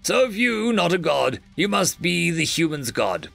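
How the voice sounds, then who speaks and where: A man's voice: a little high, very animated, measured pace, gravelly, fairly bright tone, faint music behind, pitched above the performer's own voice, full character voice. A man voicing a cold, arrogant alien official who judges civilizations, speaking bluntly in a storybook reading. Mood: curt. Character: cold arrogant alien male god-assessor.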